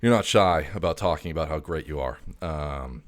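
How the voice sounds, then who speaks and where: A man's voice: extremely low pitch, normal speed. A man hosting a comedic casual chat, stammering, cursing and sounding exasperated. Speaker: video host.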